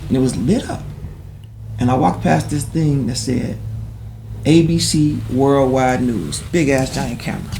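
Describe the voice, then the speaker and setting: A middle-aged man talks as a guest. He is an animated storyteller, heavy on street slang and swearing, with a mid-range voice. A clear hiss of background noise runs under the recording. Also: medium pitch, measured pace. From Chicago, USA. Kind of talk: casual storytelling in conversation.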